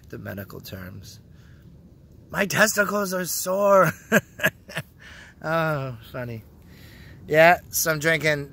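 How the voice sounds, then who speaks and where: A man's voice: medium pitch, creaky, fairly bright tone. A man vlogging casually from a park, joking, teasing and swearing freely as he rambles to his phone. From Canada. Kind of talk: casual rambling monologue to camera. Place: outdoor park.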